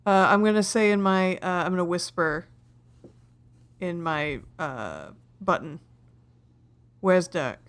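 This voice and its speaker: A woman playing a tabletop role-playing game, describing her character's moves with animated energy. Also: lowish voice, a little slow, clear, resonant tone. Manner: animated, narrates her character's actions in first person. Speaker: player. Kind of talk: casual tabletop role-play chat.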